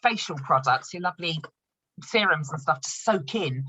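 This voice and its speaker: A woman's voice: deep voice, expressive, moderate pace, sharp tone, slightly rough, dry recording, poor audio. A woman running an online training session for new consultants. She talks in a chatty, upbeat way, laughs often and shows products as she explains them. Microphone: video call.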